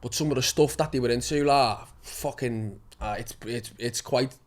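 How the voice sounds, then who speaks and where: Sweary man, rambling and animated. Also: medium pitch, normal speed. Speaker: actor guest. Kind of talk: casual chat.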